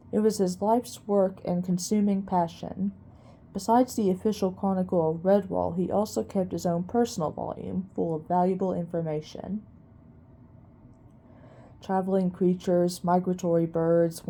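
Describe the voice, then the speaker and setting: A woman reading a children's novel aloud at an unhurried pace, with small restarts. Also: lowish voice, dark tone. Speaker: reader.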